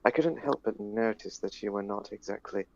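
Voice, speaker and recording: A man plays an awkward young British scholar, stiff and excessively polite, in a low, lively voice with a gravelly edge. The audio is lo-fi online chat. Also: normal speed, dry recording. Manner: stiff, polite, old-fashioned phrasing. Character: awkward, overly formal young male British PhD student.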